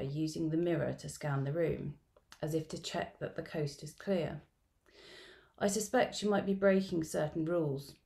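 A middle-aged woman researcher reading a field-note narrative aloud at an academic symposium, in a measured, reflective storytelling manner. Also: low voice, creaky, dark tone. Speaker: education researcher presenting at a symposium.

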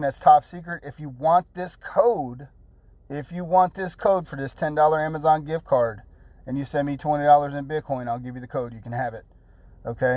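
A man of middle pitch hosts a casual tutorial, rambling along with restarts and fillers. He is blunt and jokey and swears lightly. The recording is close and dry, with no room sound. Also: a little mellow, no room sound. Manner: rambling and chatty, with repeated words and fillers. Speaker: channel host.

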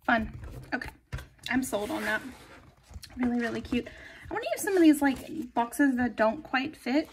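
A chatty, giggly woman talks through her planner decorating in a high, light voice. She keeps up a bubbly running commentary and now and then trails off into quiet murmurs. Faint background noise and small clicks sit under her voice. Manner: chatty and giggly, drifting into soft murmurs while crafting. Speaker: planner vlogger. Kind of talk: casual plan-with-me narration.

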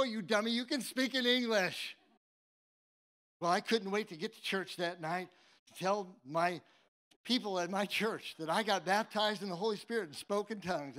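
A man's voice: high-pitched, fairly bright tone. A man from San Jose, California, preaching a sermon and telling a personal story with humor and many restarts. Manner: humorous, tongue-in-cheek storytelling; conversational, with frequent restarts.

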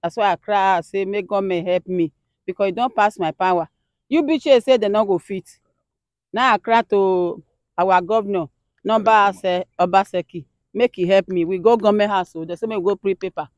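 A woman's voice: mid-range voice, a little fast, no echo, muffled recording. A woman with a Nigerian accent, a mother wearily recounting her struggle and pleading for help. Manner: weary, pleading, recounting at length. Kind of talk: personal appeal.

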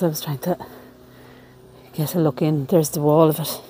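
A woman with a mellow, fairly low voice narrates a walking-tour vlog outdoors, speaking into a handheld camera mic. She takes her time and reads old headstone inscriptions aloud. Faint outdoor ambience sits behind her voice. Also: steady tone, moderate pace, a little hiss or hum. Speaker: vlogger. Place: outdoors in a graveyard.

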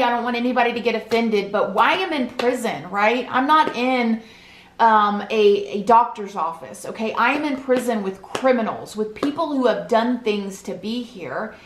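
A woman's voice: fairly high pitch, a bit bright. Earnest woman recounting a story in a roomy space. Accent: Southern US. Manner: earnest, addresses viewers as "you guys". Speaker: YouTube storyteller. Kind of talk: casual storytime to camera. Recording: roomy echoey home recording.

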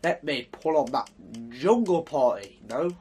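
A man's voice: a little high, unhurried, breathy edge. Young man commentating gameplay. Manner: swearing, trash-talking, excitable. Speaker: gaming commentator.

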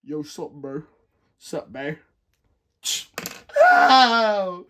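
A lazy young bro, sleepy and grumpy, as a man puts him on in a homemade comedy movie. He whines and shouts in a fairly high voice. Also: wildly swooping pitch, extremely slow, slight background noise, exaggerated voice.

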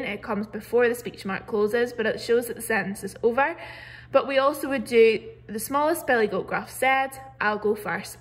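A slightly bright, higher-pitched female voice belongs to a primary school teacher recording an online grammar lesson. Her explanations over the computer mic are clear and patient, peppered with "so" and "um".

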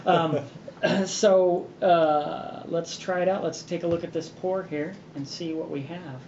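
A man hosting a beer review show in casual chat, relaxed and rambling with many fillers. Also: on the high side, takes it slowly. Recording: roomy, dull sound with background noise.

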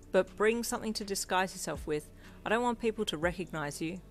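A woman narrating a fan fiction audio story in a brisk, plain storytelling manner. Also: lowish voice.

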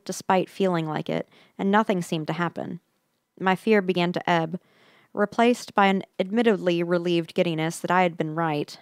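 A woman's voice: lowish voice, clean tone, no echo, clean studio sound. A woman podcast host reading a first-person ghost story aloud with suspenseful pacing, sometimes dropping into tense whispers.

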